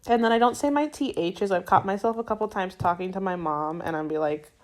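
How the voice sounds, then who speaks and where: A woman's voice: mid-range voice, fairly quick. A woman with a Florida accent co-hosting a podcast, chatting casually and retelling film scenes with lots of "like" and "um". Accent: Floridian American. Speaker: podcast co-host. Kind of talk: casual chat.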